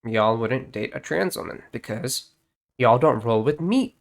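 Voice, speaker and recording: A man's voice: mid-range voice, lively intonation, measured pace, creaky. A young man giving casual vlog commentary, full of profane slang and filler words. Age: young adult. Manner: profane slangy banter, lots of "bro" and "like". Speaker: YouTube commentator.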